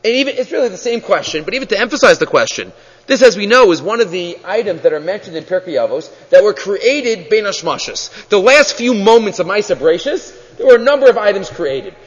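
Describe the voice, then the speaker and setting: Animated man giving a Torah class. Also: high-pitched, brisk, husky. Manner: animated, asks questions. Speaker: rabbi teaching a class. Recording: dull lo-fi audio in a reverberant hall.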